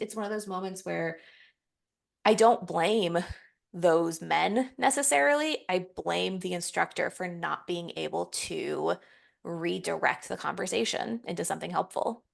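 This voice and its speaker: A woman co-hosting a podcast in casual chat, speaking conversationally, asking questions and reacting quickly. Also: fairly low pitch, creaky. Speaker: podcast co-host.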